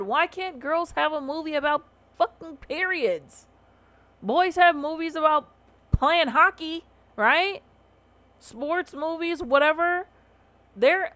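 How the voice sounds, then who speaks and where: Brief: weary, opinionated woman host, slight Southern US drawl, fairly high voice, blunt and profane. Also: fairly bright tone. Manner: opinionated, swearing, rhetorical questions. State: tired. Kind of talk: casual commentary.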